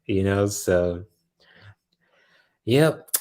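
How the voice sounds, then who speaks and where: A man's voice: lowish voice, fairly even intonation, takes it slowly, long pauses, darkish tone. A man hosting a late-night live stream, reading viewer comments aloud, laughing often and teasing playfully, a little sleepy. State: sleepy, yawning. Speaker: livestream host.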